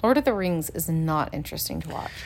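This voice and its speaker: A mother co-hosting a casual podcast chat, talking in a chatty, animated way and laughing as she tells stories. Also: sits low, fast.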